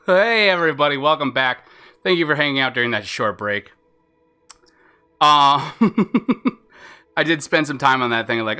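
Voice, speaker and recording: A man's voice: fairly high pitch, animated, measured pace, pauses often, sharp tone, clear, resonant tone. A man streaming a video game live, chatting in a rambling way, laughing at himself and swearing casually.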